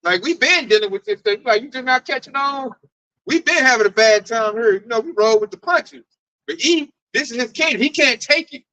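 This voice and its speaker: A man tells animated stories in a casual group chat, slipping into his coworkers' voices as he goes. His tone is bright and forward. The sound is close and dry, with no room around it. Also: very high voice, a little fast, no echo, rough recording. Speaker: speaker at a group discussion.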